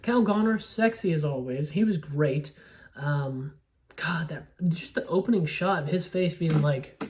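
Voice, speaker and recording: A young woman rambles on about movies from home, swearing and breaking off into side thoughts. Her voice sits a little low for a woman. She is set slightly back from the microphone. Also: unhurried, a little mellow, distant mic. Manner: rambling, profane, self-interrupting. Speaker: podcast host reviewing movies. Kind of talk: casual solo movie talk.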